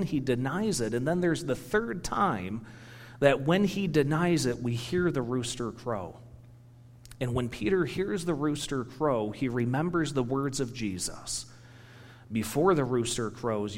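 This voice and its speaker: A middle-aged man, a pastor, giving a sermon in a conversational, storytelling way with personal anecdotes. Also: mid-range voice. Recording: reverberant hall.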